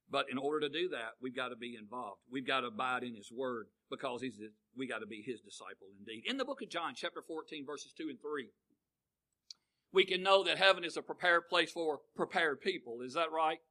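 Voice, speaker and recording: An older man preaching a folksy sermon, calling out to the congregation and swinging between booming lines and hushed ones. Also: expressive, brisk, poor audio.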